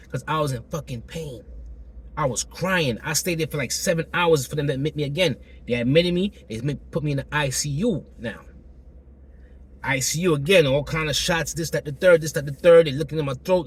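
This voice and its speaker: A man with a hoarse, still-recovering throat tells a personal story to camera in a loose, slangy way, repeating himself and acting out the exchanges. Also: fairly high pitch, fast talker. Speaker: vlogger telling a personal story.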